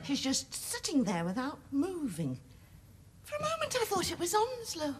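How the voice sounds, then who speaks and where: An actress playing a scatterbrained working-class woman with an excitable, giggly manner in a sitcom. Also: high-pitched, moderate pace, heavy background noise. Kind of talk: sitcom acting.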